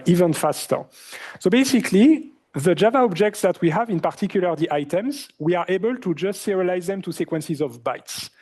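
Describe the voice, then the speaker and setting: A male university lecturer with a French accent, explaining in a lively lecture and often asking the class questions, with many fillers. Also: on the high side. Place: lecture hall.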